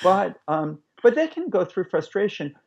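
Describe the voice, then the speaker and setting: A man's voice: sits high, normal speed, creaky. A man, a guest parenting expert, explaining in an interview and acting out little examples. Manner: animated, demonstrates with acted voices. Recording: dull lo-fi recording.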